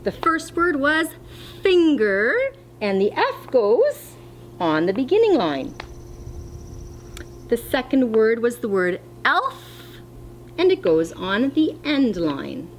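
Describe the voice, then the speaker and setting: Woman teacher, patient and clear for small children, animated pitch, slight hum on the recording. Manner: slow, clear, encouraging teacher talk to young children. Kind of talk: distance-learning phonics lesson.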